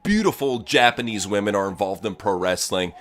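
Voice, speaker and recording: Crude, laughing male co-host with a bright, lively voice, fit for a casual profane watch-along chat. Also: fairly low pitch, brisk. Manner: crude, laughing, animated impressions.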